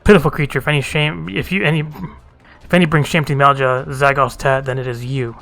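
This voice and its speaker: A man's voice: medium pitch, fairly even intonation, fast, vocal fry, fairly bright tone, no echo, soft background music. Man playing a curt, vengeful huntress. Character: fierce proud female huntress seeking vengeance.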